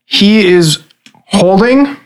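A man runs a tabletop game and narrates the scene in loose, conversational talk, stumbling into small restarts now and then. His voice sits a touch high. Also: animated, extremely slow, a little hiss or hum. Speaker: game master.

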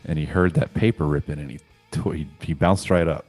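A man's voice: very deep voice, fairly quick, darkish tone, faint music behind. A man in a casual chat, telling a rambling, amused little story.

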